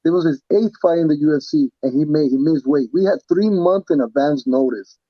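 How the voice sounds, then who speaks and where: A man, a professional fighter being interviewed, talking casually in an animated, profane way with many restarts and repeats. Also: on the high side, fairly quick, no echo, muffled recording. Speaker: pro fighter guest.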